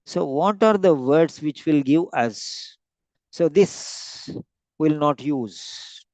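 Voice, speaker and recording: A man teaching vocabulary in an online lesson, slowly repeating and stretching out each word for emphasis. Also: fairly high pitch, a little mellow, no echo. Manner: slow, repeats words, stretches them out to stress them. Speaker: English teacher.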